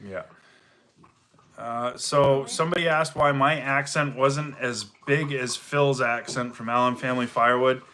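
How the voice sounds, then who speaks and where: Middle-aged man with a mild Maine accent, easygoing livestream host, bright and forceful tone. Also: medium pitch, fairly even intonation, a little slow. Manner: easygoing, rambling, reads viewer comments aloud. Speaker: livestream host, firewood seller. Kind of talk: casual livestream chat.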